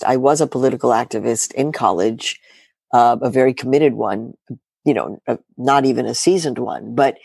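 A woman's voice: extremely low pitch, gravelly, a little mellow, no echo, studio quality. A middle-aged woman journalist in an interview, talking emphatically and firing rhetorical questions with sarcastic asides. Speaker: journalist guest. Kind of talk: animated political interview talk.

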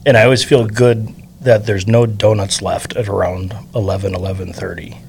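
A middle-aged man hosts a casual interview, friendly and talkative, often breaking in with quick agreeing words. His voice is fairly low, with a faint noise bed behind it. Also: level tone, gravelly, a little mellow. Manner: chatty, agreeable, many short backchannels.

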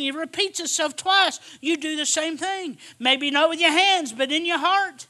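A man preaching a sermon, emphatic and repetitive, swinging from hushed asides to shouted lines. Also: extremely high pitch, a little slow, few pauses.

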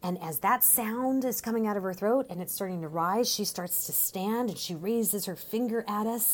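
A woman telling a story in a theatrical monologue. She is animated and conversational, and swears casually, with a middle-range voice. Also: medium pitch, moderate pace, few pauses.

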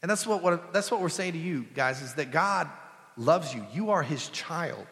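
A young man, a pastor, preaching a sermon in a relaxed, conversational way, mixing in jokes and family stories. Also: on the high side, normal speed. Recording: long hall reverb.

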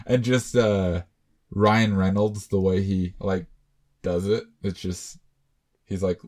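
A laid-back man with a lowish voice, riffing and joking through an easygoing podcast chat. He laughs often and keeps things light. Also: flat delivery, slow, darkish tone. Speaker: podcast co-host. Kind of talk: casual movie chat.

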